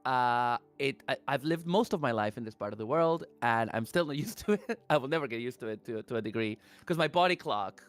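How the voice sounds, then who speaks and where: A man's voice: mid-range voice, animated, soft background music. A man from Argentina chatting casually as a stream guest on an online call, rambling and restarting his sentences often. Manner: rambling, halting, with many restarts. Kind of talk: casual chat.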